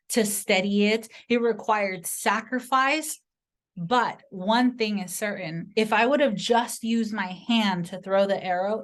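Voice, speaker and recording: A woman giving an earnest motivational sales pitch to camera, speaking directly to the viewer and telling personal stories. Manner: earnest, direct, story-driven persuasion. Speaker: sales presenter.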